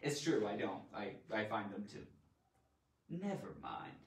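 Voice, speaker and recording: Woman, grammar teacher, theatrical, slow unhurried delivery, echoey room. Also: extremely low pitch, distant mic. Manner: animated and theatrical, loud exclamations. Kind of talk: live online grammar lesson.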